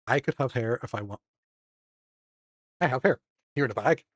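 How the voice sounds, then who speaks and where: A man's voice: medium pitch, brisk, pauses often, husky, no echo, studio quality. A man, commentating his live gameplay and bantering profanely with chat. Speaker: gaming streamer.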